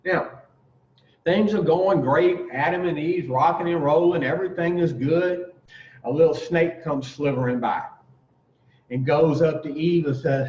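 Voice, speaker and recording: A man's voice: on the high side, a little slow, darkish tone. Folksy man telling a story. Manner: folksy, profane, acts out voices in his story. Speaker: addiction recovery speaker. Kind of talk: casual storytelling talk. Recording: roomy dull recording from far off.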